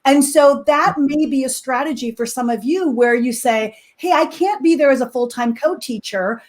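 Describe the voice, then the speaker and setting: A middle-aged woman telling a lively classroom story in a casual talk, with many fillers and quick laughs. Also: high voice. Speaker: co-teaching expert guest.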